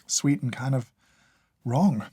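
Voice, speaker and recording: A man's voice: mid-range voice, slow pace, mellow, slightly rough. A man giving casual taste-test commentary in a dry, sardonic, mock-exasperated way. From United Kingdom. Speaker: coffee reviewer.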